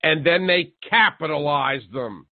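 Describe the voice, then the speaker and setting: A man's voice: fairly high pitch, unhurried, no room sound. A male radio talk show host delivering a sarcastic, mocking monologue that builds to incredulous outbursts. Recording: tinny phone-like dry sound.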